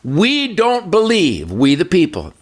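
A man's voice: high voice, wildly swooping pitch, unhurried. An older man hosting a political talk show, ranting fiery and emphatic, with lots of repetition. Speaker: show host.

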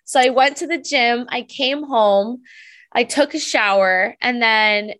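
Animated young woman, slightly high voice. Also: slow. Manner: animated, laughs often, many "like" fillers. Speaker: medium, podcast guest. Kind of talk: casual storytelling.

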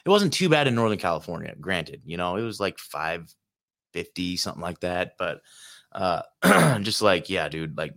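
A man's voice: low voice, sing-song, normal speed, gravelly, a bit bright. Rambling man telling a trip story. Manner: rambling, peppered with filler and swearing. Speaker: host. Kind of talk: casual rambling monologue. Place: hotel room.

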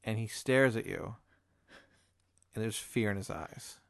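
Man, host, gravelly, deadpan improvised storytelling, laid-back, dry close sound. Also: lowish voice, a little slow, no room sound.

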